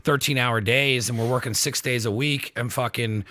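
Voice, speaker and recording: A man's voice: medium pitch, steady tone, normal speed, bright, forceful tone, no room sound. A man hosting a podcast, chatting casually and acting out quoted lines as he tells stories. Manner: laid-back storyteller, acts out quoted lines. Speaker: podcast host. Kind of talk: casual chat.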